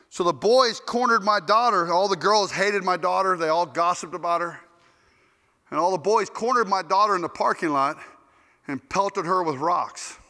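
A male preacher tells stories through a sermon in an animated, joking manner, acting out the people in them. His voice sits high and bright. The recording carries a long, echoing hall reverb. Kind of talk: storytelling sermon.

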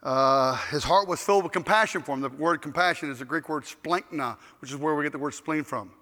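A man preaching in a bright, high, forceful voice, telling a sermon story with jokes and loudly acted-out quotes. His voice rings with long hall reverb. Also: a little fast. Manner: animated, joking storyteller who acts out quotes loudly.

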